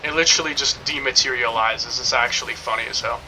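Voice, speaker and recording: A man's voice: medium pitch, fast, sharp tone, faint music behind, rough recording. A young man streaming a game, rambling and joking in casual commentary, swearing now and then.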